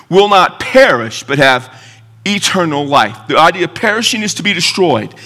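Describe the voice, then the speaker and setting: A man's voice: high voice, sharp tone. A male pastor preaching a sermon, emphatic and argumentative, with rhetorical questions. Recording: long hall reverb.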